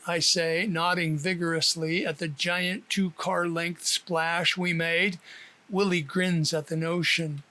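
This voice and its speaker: A man reading his own book aloud as an audiobook, with lively, expressive storytelling. His voice is high for a man and bright in tone. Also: slow. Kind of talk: audiobook narration.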